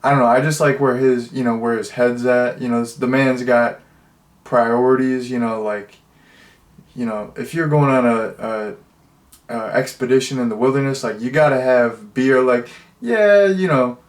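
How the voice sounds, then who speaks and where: A man's voice: mid-range voice, normal speed, reverberant. Rambling casual man reviewing a movie. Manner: rambling, filler-heavy, jokey deadpan asides.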